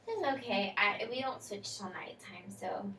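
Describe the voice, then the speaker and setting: A woman's voice: medium pitch, expressive, moderate pace, pushed and bright. A woman playing a tired, unsure schoolgirl in a counseling role-play, talking hesitantly with many fillers. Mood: subdued. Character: female schoolkid client, tired, restless, unsure. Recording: echoey room, distant mic, faint noise.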